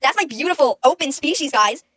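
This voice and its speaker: A woman's voice: sits high, expressive, fairly quick, sharp tone, no echo. A young woman streaming, chatting casually and rambling to her chat, often giggling, close to the mic.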